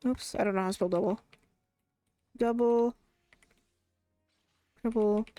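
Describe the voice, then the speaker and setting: A woman's voice: mid-range voice, fairly even intonation, a little slow, mellow, smooth, dry recording, faint music behind. Chatty woman streamer, dry close sound. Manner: chatty, rambling, laughs often. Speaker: game streamer. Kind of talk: casual live gameplay commentary.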